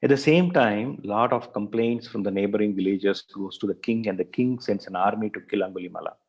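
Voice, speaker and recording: Male professor, low voice, loose storytelling lecture full of fillers. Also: brisk, husky, highs cut off. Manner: frequent fillers, repeats words, thinks aloud.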